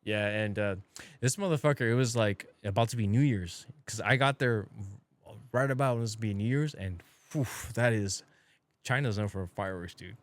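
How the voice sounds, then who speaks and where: A man from Brazil, a podcast guest, telling a long story in a casual, profane, animated way and acting out the people in it. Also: fairly low pitch, moderate pace, dry recording. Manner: profane, animated, acts out quoted voices.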